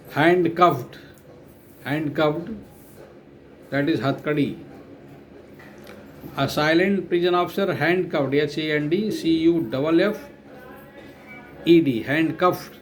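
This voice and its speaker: An Indian-accented man teaching an English lesson at a very unhurried, dictation-like pace, repeating phrases so students can write them down. His voice sits somewhat high for a man, and he stops to spell words letter by letter and gloss them. A faint room ambience hums under him. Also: slight background noise. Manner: repeats phrases slowly for note-taking. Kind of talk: slow classroom lecture retelling a story.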